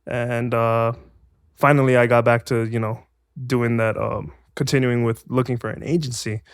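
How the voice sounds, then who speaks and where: A man's voice: medium pitch, normal speed, clear, resonant tone, no room sound, clean studio sound. A man from Hawaii, a guest actor, telling a story casually and animatedly, acting out the voices of the people in it. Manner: animated, acts out voices in his stories.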